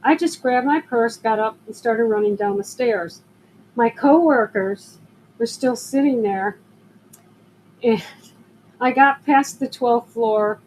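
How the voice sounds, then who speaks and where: A woman's voice: fairly high pitch, takes it slowly, long pauses, darkish tone, slight background noise, poor audio. An older woman selling jewelry on a live stream, telling rambling stories and greeting viewers as they drop in. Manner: chatty, rambling storyteller who greets viewers. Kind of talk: casual live-stream chat.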